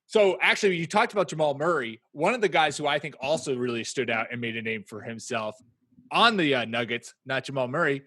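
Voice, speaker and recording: A man co-hosting a podcast, chatting casually about basketball, joking and breaking into quick bursts of excitement. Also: mid-range voice, dry recording. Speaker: podcast co-host. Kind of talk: casual sports chat.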